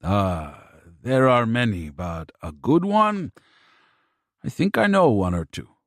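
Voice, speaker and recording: A man voicing a discreet middle-aged fixer who talks in a knowing, unhurried way. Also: mid-range voice, sing-song, dry recording, studio quality.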